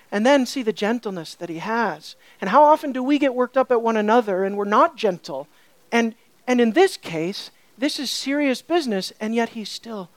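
A man's voice: very high voice, no room sound. A man preaching an expository sermon, earnest, often asking the congregation questions and repeating phrases.

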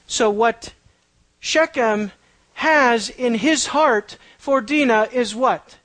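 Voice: takes it slowly, no echo. A preacher delivering an expository sermon, recorded close and dry with almost no room sound. The voice rises and drops sharply for emphasis. Key phrases come back again and again, and the listeners are pushed with questions. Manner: asks the listeners rhetorical questions; pitch and loudness swing widely for emphasis.

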